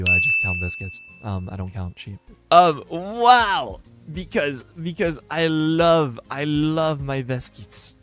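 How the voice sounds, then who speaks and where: A stammering, childish young man who adores biscuits comes through, as a man puts him on for a live stream. The voice swoops widely in pitch and drags along slowly, repeating words. Faint music sits behind. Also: a bit bright, full character voice. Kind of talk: live-stream impression of a teammate.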